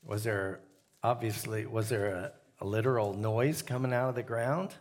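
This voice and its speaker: A man leading a Bible study, teaching in a relaxed conversational way, often pausing with "uh" and putting questions to his listeners. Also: lowish voice. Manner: asks the group questions, frequent "uh" fillers.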